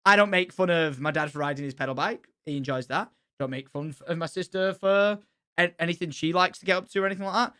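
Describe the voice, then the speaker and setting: A young man chatting casually on a stream, animated, swearing freely and laughing often. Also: on the high side, fast, clean tone.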